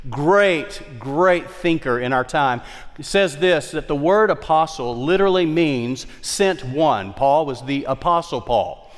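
Fervent preaching man in a reverberant hall. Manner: emphatic preaching, repeats key phrases, dynamic swings in pitch and volume. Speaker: pastor. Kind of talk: sermon. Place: large church worship center.

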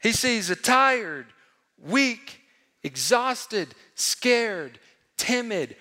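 Man, pastor, sermon, bright ringing voice, long hall echo, loud-soft swings, questions to the crowd. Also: very high-pitched, big pitch swings, extremely slow. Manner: preaching with big swings between loud and hushed; asks the congregation questions.

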